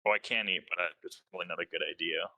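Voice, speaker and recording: Low-voiced man at the game table. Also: fairly even intonation, racing, muffled recording, noisy background. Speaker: player. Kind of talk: casual chat and tabletop play.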